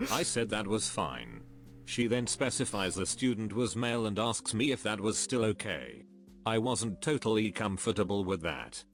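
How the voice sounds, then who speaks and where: A man's synthetic text-to-speech voice reading stories aloud in an even, steady way. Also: on the low side. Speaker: story reader.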